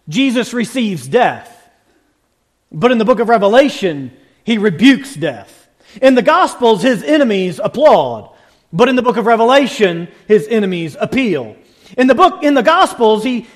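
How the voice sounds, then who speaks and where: A male preacher delivering a sermon in rhythmic, building parallel phrases, with emphatic rises to shouts at the climaxes. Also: extremely high pitch.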